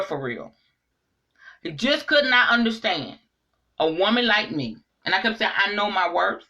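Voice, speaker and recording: A middle-aged woman giving a casual spiritual monologue to her viewers, animated and preachy, speaking straight to the audience. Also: fairly low pitch, highs cut off. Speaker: online inspirational speaker.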